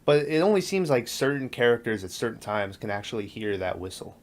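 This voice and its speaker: A man's voice: medium pitch, very animated, fairly quick. A man co-hosting a movie podcast, chatting casually and retelling scenes he watched. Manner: chatty, recounts scenes and quotes lines. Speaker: podcast co-host. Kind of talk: casual chat.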